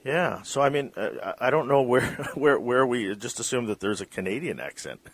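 A man's voice: medium pitch, lively intonation, normal speed, slightly rough. A man hosting an interview, asking questions with frequent restarts and repeated words. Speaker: interviewer host. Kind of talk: interview conversation.

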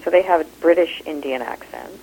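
A woman with a Canadian accent talks in an interview, animated and expressive. Her voice sits low. The sound is thin, like a phone line. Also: a little fast, slight background noise. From Kenya. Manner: animated, expressive, laughs easily. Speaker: actor and improv teacher. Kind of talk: interview conversation.

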